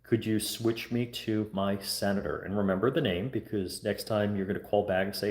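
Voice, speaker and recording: A man's voice: on the low side, fairly even intonation, normal speed, hardly any pauses, darkish tone. Man urging viewers in an echoey room. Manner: earnest, repetitive urging, coaching viewers through scripted phone calls. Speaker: livestream host. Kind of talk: casual livestream talk. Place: home room.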